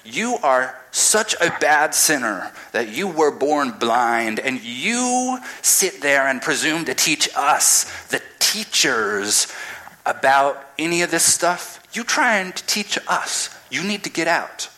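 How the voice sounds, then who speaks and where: A man's voice: mid-range voice, sing-song, unhurried, sharp tone, low-quality recording. A man voicing a group of self-righteous religious teachers who scold and dismiss. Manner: scolding, indignant.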